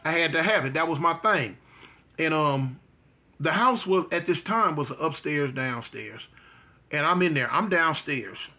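Guy telling his life story off the cuff, kinda high voice, repeats himself a lot, does the sound effects himself. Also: lively intonation, a little slow, pushed and bright. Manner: vivid storyteller who repeats phrases and mimics gunshots.

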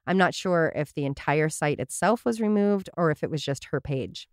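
A woman's voice: low voice, expressive, normal speed, no echo. A woman hosting a casual podcast, telling stories with dry, sarcastic asides. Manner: wry, sarcastic asides while reading a story. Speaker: podcast host.

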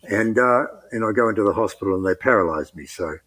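Low, husky-voiced New Zealand man as the dry, self-mocking guest. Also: a bit bright. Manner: dry self-mocking humour, halting restarts. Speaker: guest actor. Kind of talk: casual interview chat.

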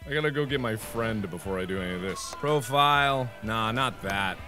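A man in his twenties doing excitable let's play commentary, joking, yelling and laughing over a game. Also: on the low side, normal speed, soft background music. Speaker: gaming YouTuber.

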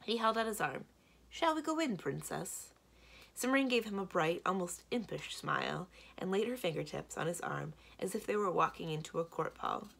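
A woman librarian narrating a children's book aloud in a steady storytelling manner. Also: lowish voice, fairly quick, gravelly, hardly any pauses, husky. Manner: steady storytelling, varied delivery.

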